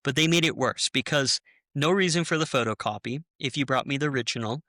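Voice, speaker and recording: A young man recounts his break from a church with heated, animated energy, slipping into the voices of the people he quotes. His tone is bright and forceful. The recording is close and dry, with no room sound. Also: medium pitch, a little fast, no echo. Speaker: former church member telling his story. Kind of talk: personal testimony in a conversation.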